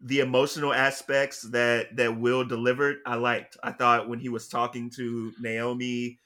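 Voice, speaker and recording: A man co-hosting a casual movie review chat, measured and building his points with details. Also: medium pitch, little pitch movement, sharp tone. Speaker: podcast co-host.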